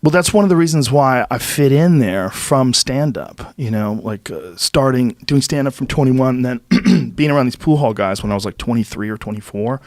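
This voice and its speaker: A man in his fifties from the Boston area tells stories in a relaxed podcast chat, swearing freely and rising in pitch when he gets excited. His voice sits in a middle register. The sound is dry and close to the mic. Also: moderate pace, few pauses, no echo. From Boston area, USA. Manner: profane, animated storytelling with rising excitement. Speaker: podcast host. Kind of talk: casual storytelling chat. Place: podcast studio.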